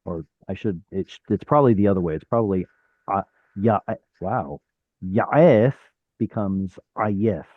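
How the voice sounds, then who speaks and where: A low-voiced man talks briskly as he teaches Hebrew online, breaking things down step by step, voicing letters and catching his own mistakes. The video-call recording has phone-quality sound with no room noise.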